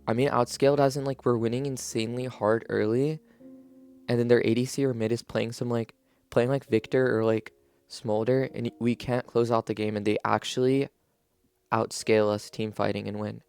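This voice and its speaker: A man's voice: medium pitch, little pitch movement, normal speed, gravelly, darkish tone, clean tone, faint music behind. A man giving casual, rambling commentary on game patch notes in his just-woke-up morning voice, filling his talk with "like". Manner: rambling, heavy use of "like", frequent restarts. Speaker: video creator reviewing game patch notes.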